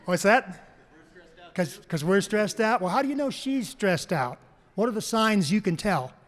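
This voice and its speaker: A man speaks to a conference crowd in a high, bright voice. He tells stories and draws answers from the audience, repeating them back. His voice rings out with a long hall reverb. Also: lively intonation, a little slow. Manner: storytelling, asks the crowd questions and repeats their answers. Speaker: panel speaker on farm mental health. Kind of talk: public talk to a live audience.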